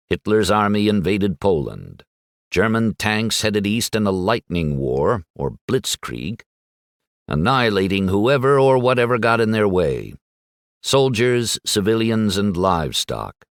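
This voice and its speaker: A low-voiced man narrating an audiobook with measured, dramatic delivery. His pitch moves freely with the story. The recording is dry and close. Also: dry recording.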